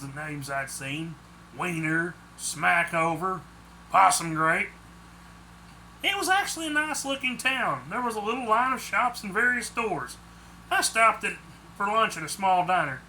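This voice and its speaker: Man, author reading own book aloud, first-person audiobook narration, high voice, very bright. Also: normal speed, slight background noise. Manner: plain first-person storytelling.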